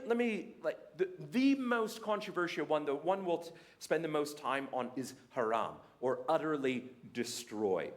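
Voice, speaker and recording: A young Canadian man with a Canadian accent, giving a humorous, animated talk at a church faith day. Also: fairly high pitch. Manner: animated, jokey, mimics other voices. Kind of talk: sermon-style talk with humour.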